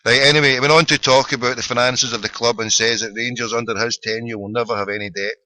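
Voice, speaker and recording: A man's voice: medium pitch, steady tone, fast talker, pushed and bright, no room sound, poor audio. Sarcastic ranting Glaswegian man. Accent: Scottish, Glaswegian. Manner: ranting, sarcastic, swears freely. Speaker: host of a phone-in podcast. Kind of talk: casual solo commentary.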